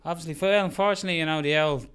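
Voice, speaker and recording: Podcast host: a jokey man with a bright, sharp tone and a higher voice. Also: very fast, smooth. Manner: jokey, wraps up with banter. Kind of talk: casual podcast chat.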